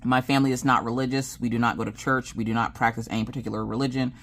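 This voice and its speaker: A woman's voice: very deep voice, flat delivery, rapid-fire, fairly bright tone. A woman with a Southern American accent chatting casually while she crafts. She tells family stories at length, acting out what everyone said, and swears freely. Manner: chatty storyteller who acts out family dialogue. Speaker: crafting channel host.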